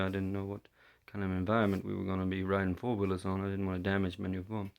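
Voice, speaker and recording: A man's voice: low-pitched, monotone, fast talker, vocal fry, few pauses, a little mellow. A man from London, telling a personal story in a hesitant way, full of fillers and restarts. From London, England. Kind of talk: first-person storytelling monologue.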